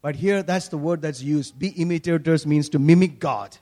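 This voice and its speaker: A man from Kerala with an Indian accent, preaching an energetic sermon, shouting and laughing with playful asides. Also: on the high side, normal speed.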